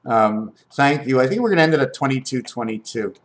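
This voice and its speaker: A man rambling through numbers and wordplay as he explains a drawing, swinging between loud bursts and quiet mumbling. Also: medium pitch, expressive, brisk. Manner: meandering, wordplay, counting aloud, shifts from loud to quiet. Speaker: video maker.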